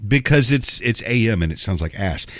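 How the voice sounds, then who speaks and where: A man rambles through a talk radio monologue, sarcastic and profane, restarting his sentences. His pitch swings widely as he talks, and the sound is dry and close. He is getting over a cold. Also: lively intonation, fairly quick, no echo. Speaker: radio show host.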